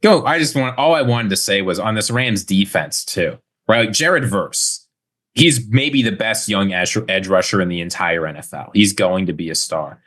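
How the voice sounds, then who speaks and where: A man in his twenties co-hosting a sports podcast, laying out steady, analytical points. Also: on the low side. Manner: steady, analytical, makes points in quick lists. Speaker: podcast co-host.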